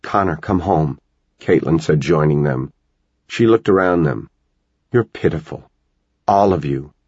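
A man voicing an urgent, sharp-tongued worried mother in an audiobook. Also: a bass voice, unhurried, slightly rough, no room sound, muffled recording, exaggerated voice. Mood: scornful. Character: frantic worried mother, adult woman.

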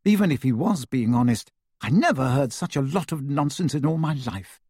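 A man's voice: medium pitch, animated, moderate pace, a little mellow, breathy edge, dry recording, clean studio sound. A man voicing a firm, sceptical teenage witch. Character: clever, exasperated teenage girl witch.

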